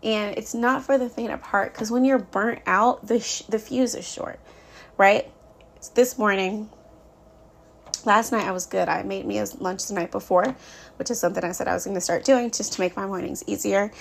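A woman in her thirties talks straight to her listeners in a loose, unscripted podcast monologue. Her voice has a gravelly, fry-laden edge at an ordinary middle pitch. She vents openly and often laughs at her own frustrations. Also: fairly even intonation, normal speed. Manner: candid and venting, with frequent laughs. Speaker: podcast host.

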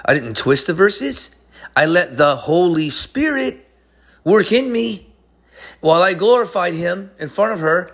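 A man preaching a sermon, emphatic, swinging between high excited lines and low hushed ones. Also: unhurried.

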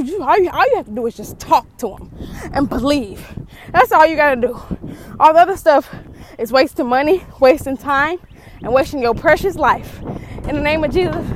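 A woman's voice: high-pitched, slight background noise, poor audio. A woman preaching and praying fervently in a casual, slangy way, out of breath from a workout. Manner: fervent, repetitive rebuking prayer, casual slang. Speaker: vlogger preaching to viewers. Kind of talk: informal preaching and prayer.

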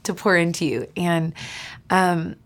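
A woman guest sharing heartfelt stories in casual conversation, earnest, sometimes dropping to a soft whisper for emphasis. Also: fairly low pitch, unhurried. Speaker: podcast guest.

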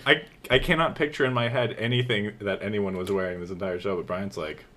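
A man co-hosting a podcast in casual chat, who gets animated and jumps way up in pitch when he is indignant. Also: fairly quick. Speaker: podcast co-host.

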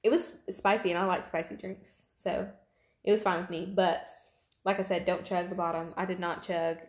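A woman's voice: fairly low pitch, level tone, moderate pace. A woman in her twenties co-hosting a casual chat, talkative and giggly, often trailing off mid-sentence. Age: 20s. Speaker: podcast co-host. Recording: echoey room.

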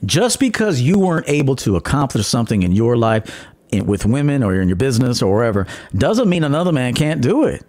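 A man's voice: very animated, brisk, a little mellow. A man hosting his own podcast as a dating coach, talking bluntly and profanely, mocking others and laughing at his own jabs. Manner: mimics commenters in a high mocking voice. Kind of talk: blunt monologue.

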